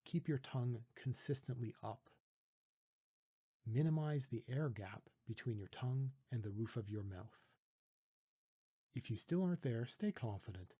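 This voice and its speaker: A Canadian man from Toronto calmly teaching letter sounds, patiently demonstrating pronunciation with a close mic. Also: medium pitch, breathy edge. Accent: Canadian English. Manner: calm, patient, deliberate demonstrating. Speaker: language teacher. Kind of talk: pronunciation tutorial.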